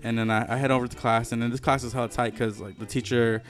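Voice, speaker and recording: A man's voice: medium pitch, level tone, fast talker, faint music behind. A young man telling a rambling, profane story in casual podcast chat, full of fillers and restarts. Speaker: podcast co-host.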